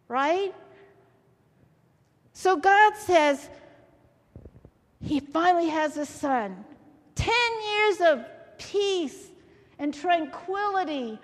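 A woman preaches with a high voice. She talks slowly and keeps turning to the congregation with questions. Her voice rings with the long reverb of a church hall. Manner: lively, asks the congregation questions often. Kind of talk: sermon.

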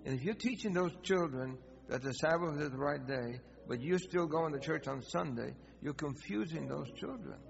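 A gravelly-voiced man pastor tells a story in his sermon, acting out each exchange with animation. His voice carries through a church hall with a long echo and a dull, muffled tone. Guitar music plays clearly behind him. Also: fairly high pitch. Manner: animated, acts out dialogue.

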